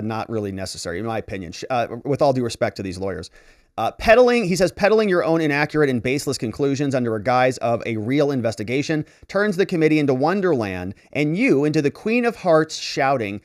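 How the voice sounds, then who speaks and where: A man's voice: medium pitch, dry recording, clean studio sound. A man giving casual legal commentary, sarcastically reading out and mocking letters. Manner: sarcastic, mocking voices when paraphrasing letters. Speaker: lawyer commentator.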